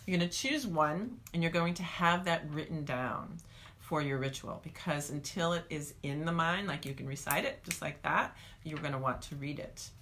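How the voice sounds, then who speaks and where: A woman teaching a guided meditation, calm and coaching, speaking straight to the viewer. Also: low voice, moderate pace, a little hiss or hum.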